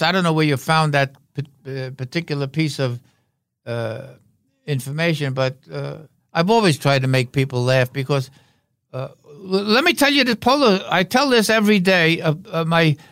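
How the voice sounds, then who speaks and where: An older man, a veteran actor and podcast guest, telling rambling, wry anecdotes with halting fillers. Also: fairly high pitch, a bit bright, no echo, clean studio sound. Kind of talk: anecdotal interview talk.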